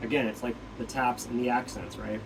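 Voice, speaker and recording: A man's voice: mid-range voice, little pitch movement, a little fast, creaky. A man giving a casual drum lesson, counting beats aloud and asking "right?" as he explains. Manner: counts beats aloud while demonstrating on a practice pad; loose, filler-heavy explaining with frequent "right?". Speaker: drum teacher. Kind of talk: casual instructional talk. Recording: distant mic with loud drum-pad noise.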